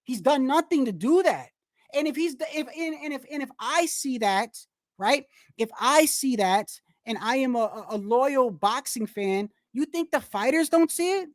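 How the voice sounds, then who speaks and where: A woman hosting a boxing channel livestream, ranting in animated, profane, slangy talk full of restarts. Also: sits high, normal speed, no room sound, studio quality. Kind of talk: casual livestream commentary.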